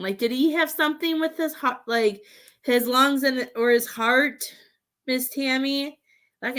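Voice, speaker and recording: A woman giving a live psychic reading, rambling with halting restarts and calling her sitters "love.". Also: a little high, fairly bright tone. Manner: affectionate terms for sitters. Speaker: psychic medium.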